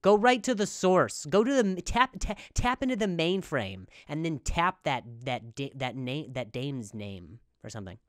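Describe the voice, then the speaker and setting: A man's voice: fairly high pitch, moderate pace, few pauses, no room sound, studio quality. A male comedian doing a rambling comedic monologue, with a stutter that makes him repeat words. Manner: animated, rambling.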